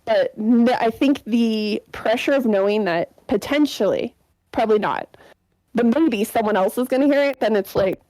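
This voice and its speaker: Woman podcast co-host, higher pitch, playful and rambling, close dry mic. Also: animated, normal speed, mellow, dry recording, rough recording. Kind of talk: casual chat.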